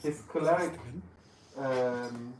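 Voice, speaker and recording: A German-accented man, appearing as a guest on a live podcast interview, searches for his words as he speaks. His mid-range voice is slow and a little mellow. The roomy live venue, distant mic, and faint room noise shape the recording.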